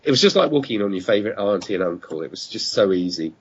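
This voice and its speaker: A man's voice: fairly low pitch, big pitch swings, very fast, a little hiss or hum. A middle-aged man telling rambling anecdotes as a guest, often stopping to correct himself. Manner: rambling storyteller who restarts and corrects himself. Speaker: guest, radio producer. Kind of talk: casual chat, anecdotes. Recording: muffled online call audio.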